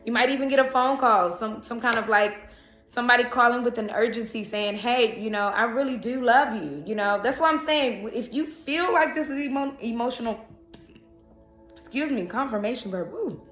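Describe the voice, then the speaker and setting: A woman's voice: a little high, normal speed, fairly bright tone, reverberant, soft background music. A woman giving a casual, chatty tarot reading who often laughs. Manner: chatty, laughs and breaks into song. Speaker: tarot reader.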